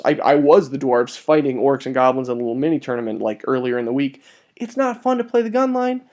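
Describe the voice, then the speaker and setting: A man narrating a tabletop wargame battle report in a casual, excitable way, with sudden jumps in pitch and casual swearing.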